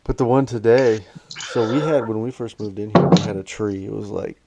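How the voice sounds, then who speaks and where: A man's voice: on the low side, a little fast, creaky, very noisy. A man co-hosting a podcast, speaking in an easygoing, casually profane chat. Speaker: podcast co-host.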